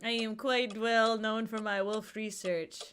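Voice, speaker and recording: A woman voicing a pompous male German wolf researcher, reading his lines slowly in a deliberately bad mock French accent. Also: a little high, level tone, a bit bright, slight background noise. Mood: lecturing. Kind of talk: reading game dialogue aloud.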